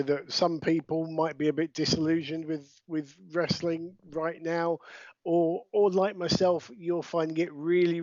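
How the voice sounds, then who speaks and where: A man's voice: on the high side, darkish tone, dry recording. Rambling podcast host man, dull dry sound. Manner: rambling with many restarts and fillers. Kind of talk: casual podcast chat.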